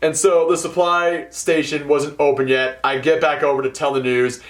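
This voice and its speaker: A man's voice: on the high side, flat delivery, moderate pace. Young man ranting about work. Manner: storytelling with swearing, swings between mumbled asides and loud outbursts. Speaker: hotel event setup worker. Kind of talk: casual ranting vlog.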